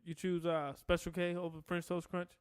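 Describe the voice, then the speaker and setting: A man's voice: high voice, completely flat delivery, normal speed, clear, resonant tone, no echo. A man co-hosting a podcast, teasing his co-host and laughing often in slangy, casual chat.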